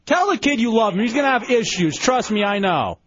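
A man's voice: sits high, big pitch swings, fairly bright tone, lo-fi sound. Teasing man hosting radio comedy. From Chicano, US. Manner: quick, teasing, laughs easily. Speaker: radio show host.

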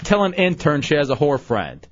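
A man hosting a live radio talk show, calmly trying to referee an argument. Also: fairly high pitch, moderate pace, dull audio.

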